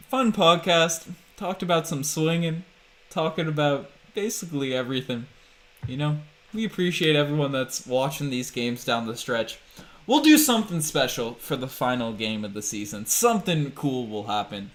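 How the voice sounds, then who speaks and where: A man hosting a livestreamed podcast in casual chat, chatty and quick to laugh as he thanks viewers and hypes the channel. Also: fairly high pitch, a bit bright. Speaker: podcast host.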